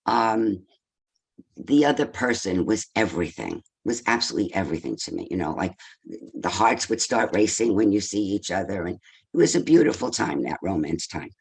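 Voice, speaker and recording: An older man talks to a senior audience about love in an informal, conversational way. His voice is low, gravelly and a little husky. He often asks rhetorical questions and ends points with a quick "right?". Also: big pitch swings. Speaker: speaker on relationships.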